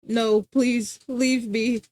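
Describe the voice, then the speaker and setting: A young American woman streaming live, chatting casually with viewers in an animated, rambling way and laughing often. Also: a little high, very slow, no room sound. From United States. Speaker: livestreamer.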